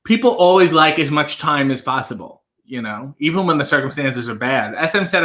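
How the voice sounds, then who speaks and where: A man's voice: fairly high pitch, expressive, brisk, hardly any pauses, fairly bright tone. A man in his thirties hosting a live stream, reading out viewer comments with a dry, offhand humor.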